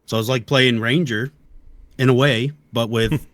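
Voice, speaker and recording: A man's voice: medium pitch, fairly even intonation, moderate pace, a bit bright, no echo. A young man chatting casually as an interview guest, laid-back, dropping "dude" and "you know". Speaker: interview guest, game player and video creator. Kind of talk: casual conversation.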